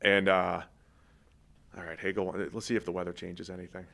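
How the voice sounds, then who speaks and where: A man's voice: low voice, monotone, normal speed, gravelly, sharp tone. A man co-hosting a sports podcast in casual, joking chat, rambling with restarts. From Massachusetts. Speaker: podcast co-host. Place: podcast studio.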